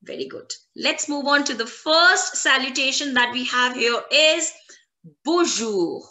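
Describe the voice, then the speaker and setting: A woman language instructor teaching an online lesson, repeating words slowly and clearly for learners. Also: high-pitched, expressive, sharp tone. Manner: slow, drawn-out repetition of French words for learners.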